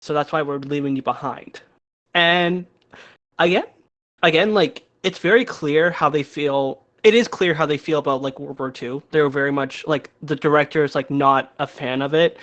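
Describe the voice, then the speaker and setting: Podcast co-host, fairly high male voice, chatty and agreeable, casual talk over a call mic. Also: moderate pace, a bit bright, highs cut off. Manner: chatty, agreeable, frequent yeahs. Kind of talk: casual chat.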